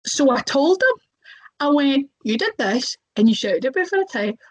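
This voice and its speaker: Chatty higher-pitched young woman storyteller. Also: big pitch swings, moderate pace, poor audio. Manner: chatty, lots of fillers, acts out voices. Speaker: wrestler, interview guest. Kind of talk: casual interview storytelling.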